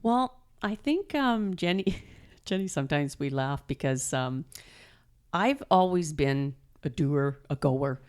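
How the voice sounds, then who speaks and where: A middle-aged woman telling animated stories as an interview guest, laughing often and acting out quotes. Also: low-pitched, slow, clear, resonant tone. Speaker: guest, mother and performer. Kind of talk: storytelling interview.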